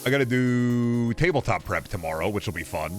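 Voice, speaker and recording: A man's voice: medium pitch, expressive, fairly quick, soft background music. A man streaming a game, chatting casually in a rambling, profane, jokey way.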